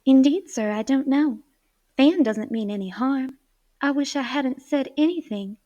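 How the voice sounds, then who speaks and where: A woman's voice: high voice, very animated, takes it slowly, darkish tone, no room sound, dull audio, pitched above the performer's own voice, heavily acted. A woman reading aloud, voicing an earnest, anxious young girl who pleads in a raised voice. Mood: flustered.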